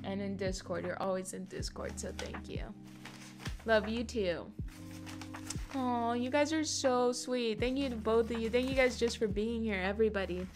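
A young woman with a high, light voice talks casually to her live stream chat. She gushes effusively and lets the odd swear word slip. Faint music plays underneath. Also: normal speed.

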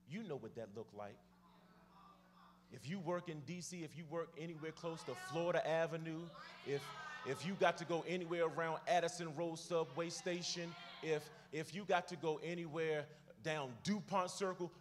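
A male preacher, shouting and repeating phrases, calling out to the congregation. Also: on the high side, slight background noise. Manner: shouting and hollering; swings from loud shouts to soft asides. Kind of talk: sermon. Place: church sanctuary. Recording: long hall reverb.

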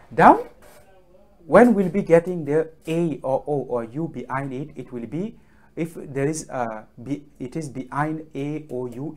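A man teaching pronunciation, speaking slowly and haltingly with many fillers and repeated drill words. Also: medium pitch. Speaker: French teacher. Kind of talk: classroom lesson on the alphabet.

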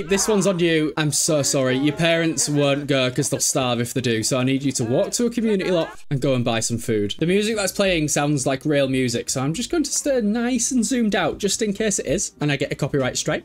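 A man with a slightly high voice talking through a life-sim game in a loose, chatty way. He sounds exasperated with his characters, scolds them, swears and laughs at them as he plays. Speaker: gameplay commentator. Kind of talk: casual gameplay commentary.

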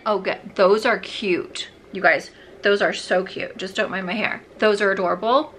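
A woman's voice: medium pitch, steady tone, moderate pace, fairly bright tone, slight background noise. A young woman vlogging as she gets ready, chatting in a bubbly, rambling way and talking to herself as she goes. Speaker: beauty vlogger. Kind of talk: chatty get-ready-with-me vlog.

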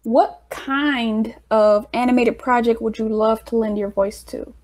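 A woman's voice: a little high, fairly even intonation, a little slow, a little mellow. A woman hosting a casual interview, asking questions and giving short agreeing replies. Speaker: interviewer, host.

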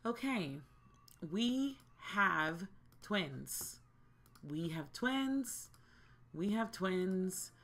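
A woman's voice: mid-range voice, animated, very slow, pauses often, fairly bright tone. A woman hosting a life-simulation gameplay video, chatting casually with her viewers, often exasperated and repeating herself. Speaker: gaming channel host.

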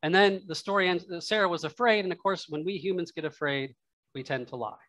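A man's voice: high voice, brisk, a bit bright, dry recording. A man preaching a sermon in church, talking it through in a casual, musing way with asides. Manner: conversational, musing aloud with asides and laughs. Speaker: pastor.

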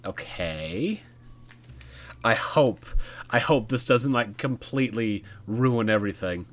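A man talks through a horror game as he plays, riffing and joking at what he sees. His voice is bright and lively, jumping up and down in pitch. It has the easy sound of a relaxed gaming video. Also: a little slow. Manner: chatty, jokey, talks to the game. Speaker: gaming YouTuber. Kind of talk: casual let's-play commentary.

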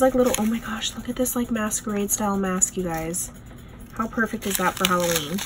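A woman's voice: medium pitch, background noise. Gushing young woman showing off crafts. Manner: gushing, excitable, lots of "oh my gosh" and "you guys". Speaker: craft channel host. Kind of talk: casual unboxing show-and-tell.

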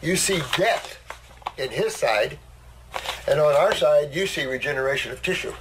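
An older man talks bluntly and boastfully as host of a casual discussion. His voice has a gravelly edge and sits a little high for a man. A faint noise runs beneath the recording. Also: animated, moderate pace. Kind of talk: casual conversation.

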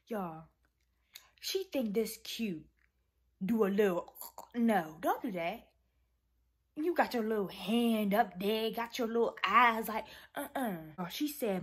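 Teen girl vlogger, husky voice, lively pitch, exasperated, scolding. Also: measured pace. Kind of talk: casual vlog talk to viewers.

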